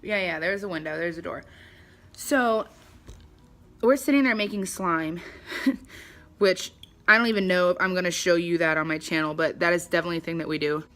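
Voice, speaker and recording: A young woman tells a story to her camera at home in a casual, gossipy way. She is animated and chatty and slips into little acted-out voices for the people she quotes. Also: fairly low pitch, normal speed, long pauses. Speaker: vlogger. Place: her home, at a table by the front door.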